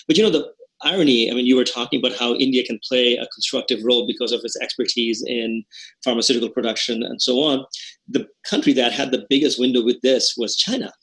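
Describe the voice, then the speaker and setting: A man's voice: mid-range voice, fairly even intonation, fast, fairly bright tone, rough recording. Man, podcast host, conversational, rambling questions, fillers. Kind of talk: podcast interview hosting.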